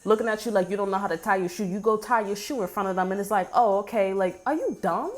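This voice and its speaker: A woman's voice: mid-range voice, fairly even intonation, rapid-fire, faint music behind. A woman giving a casual spoken tarot reading, blunt, heated and full of swearing. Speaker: tarot reader.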